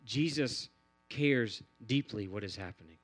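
A man's voice: mid-range voice, unhurried, soft background music. A man preaching a sermon in an earnest, repetitive cadence, building phrase on phrase. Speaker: pastor.

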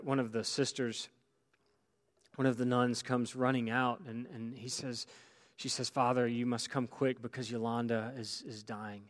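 A man preaching a sermon as pastor, telling a story with many restarts and drops to near-quiet. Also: medium pitch.

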